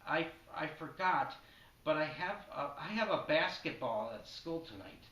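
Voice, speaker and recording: A man's voice: on the high side, expressive, measured pace, a bit bright. A man voicing a crude teenage sitcom son who speaks bluntly, heard in an echoey room from a distant mic.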